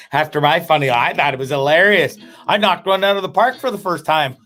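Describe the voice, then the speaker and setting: A man hosting a comedic live show, telling stories in a rambling, profane, animated way. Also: a little high, normal speed. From Canada. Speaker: host.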